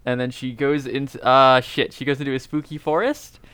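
A man co-hosting a casual podcast chat, talking in a halting, self-deprecating way with many ums and uhs. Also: mid-range voice, fairly even intonation, fairly bright tone, clean tone, no room sound. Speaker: podcast co-host.

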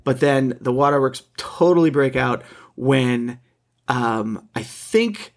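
A man co-hosting a casual film discussion, halting and restarting as he searches for his words. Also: medium pitch, animated. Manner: halting, repeats words while searching for thoughts. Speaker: podcast co-host.

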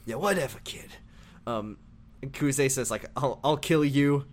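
Casual male co-host, playful storyteller, dips into quick character bits. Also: mid-range voice. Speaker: co-host recapping a video game. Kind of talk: casual chat.

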